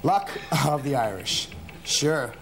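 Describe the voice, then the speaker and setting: An actor playing a loud, abrasive middle-aged barroom comic who rants and laughs at his own jokes in a comedy sketch. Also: medium pitch, expressive, slow, a little hiss or hum. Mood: ranting. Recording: old broadcast clip, roomy with studio audience.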